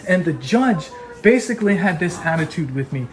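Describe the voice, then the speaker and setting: A man arguing heatedly on a call, ranting and mocking others in quick impressions. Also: on the high side, sing-song. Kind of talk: heated phone argument.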